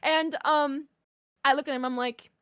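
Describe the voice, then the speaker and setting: A young woman spins a story on a podcast in a high voice, animated and full of swearing and "like". Her voice sits right on a close mic in a dry, dead room. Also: measured pace, no room sound. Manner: animated, swears freely, lots of "like". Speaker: podcast guest, streamer. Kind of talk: casual storytelling.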